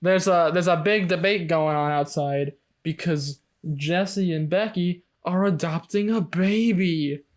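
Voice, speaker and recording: A man with a slightly raised pitch co-hosting a casual rewatch podcast. He is playful and quick with jokes, and he likes to slip into silly voices. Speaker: podcast co-host.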